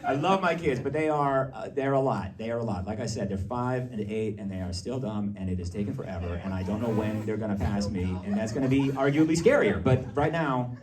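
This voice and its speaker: Guy from massachusetts doing standup, chatty then yelling rants, mic sounds kinda far off. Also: fairly low pitch, animated, fairly quick, few pauses. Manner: conversational, riffing with audience, bursts into shouted rants. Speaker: stand-up comedian. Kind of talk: stand-up comedy set. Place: comedy venue with live audience.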